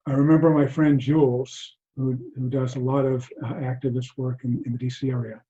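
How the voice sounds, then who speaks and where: Male mindfulness teacher, soft and reflective, mid-pitched, muffled video call sound. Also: flat delivery. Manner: soft-spoken, halting, many restarts. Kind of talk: reflective talk to an online group. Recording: dull lo-fi video call audio.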